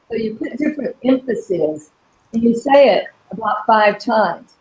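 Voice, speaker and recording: A middle-aged woman coaching an online audience, her voice sitting a bit high. She talks earnestly and explains each step of an affirmation exercise. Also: animated, moderate pace, darkish tone, highs cut off. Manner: earnest, repeats affirmations with shifting emphasis. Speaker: coach and host. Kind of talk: live coaching webinar talk.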